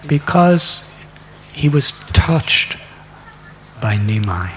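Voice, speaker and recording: A man, a monk telling a devotional story in an expressive way and acting out the characters. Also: fairly high pitch, very slow, slight background noise. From United States. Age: 60s. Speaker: monk giving a talk.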